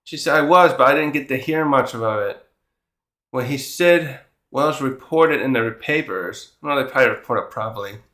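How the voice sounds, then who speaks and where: A man hosts a casual chapter review and thinks aloud as he goes. He retells the characters' dialogue in his own words, at a middle pitch. His voice carries a roomy echo. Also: moderate pace, a bit bright. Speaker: manga reviewer and channel host.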